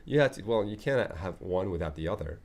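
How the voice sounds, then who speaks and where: A man's voice: low-pitched, expressive, brisk, vocal fry, darkish tone. Chatty male teacher. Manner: chatty, explains with asides and checks in often. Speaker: French teacher. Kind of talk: online language lesson.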